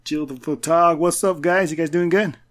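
A man from New Mexico hosts a casual podcast, upbeat and easygoing, stumbling into repeated words now and then. His voice sits a little high. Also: steady tone, moderate pace, crowd noise. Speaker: podcast host.

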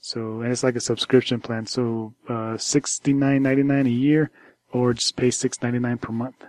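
A man co-hosting a casual tech podcast, rambling and halting with many restarts as he chats about the news. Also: mid-range voice, level tone, a little mellow, no echo. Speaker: podcast co-host.

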